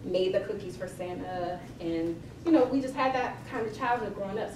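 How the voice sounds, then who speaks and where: A woman's voice: medium pitch, background noise. A middle-aged woman, a personal chef from Cleveland, chatting and telling funny stories to a library audience. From Cleveland, Ohio. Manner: chatty, animated, laughing storyteller. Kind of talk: storytelling at a live event. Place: library event room with audience. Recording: echoey room, distant mic, crowd.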